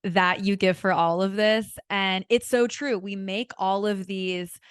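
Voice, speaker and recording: A woman's voice: medium pitch, steady tone, a little slow, clear, resonant tone, no room sound, clean studio sound. A woman hosting a podcast interview, responding to her guest in an affirming, reflective way. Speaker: podcast host.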